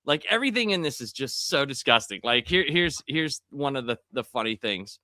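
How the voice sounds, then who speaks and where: Bright, forceful voice, man, podcast host, casual review chat, animated, exclaiming in disgust, dry sound with no room echo. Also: mid-range voice, moderate pace.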